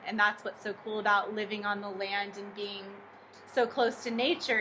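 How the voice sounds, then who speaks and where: A woman guest on a relaxed podcast, eagerly telling a personal story. Her voice is bright and slightly high. Faint background ambience hangs behind her. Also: a little hiss or hum, low-quality recording. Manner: enthusiastic, animated storyteller. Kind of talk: casual storytelling.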